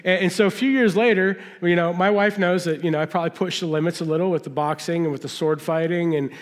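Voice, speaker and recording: Middle-aged preacher guy, fairly high voice, folksy storytelling, big echoey sanctuary. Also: fast. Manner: folksy, conversational storytelling with audience questions. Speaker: pastor. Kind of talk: sermon with personal stories. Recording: long hall reverb.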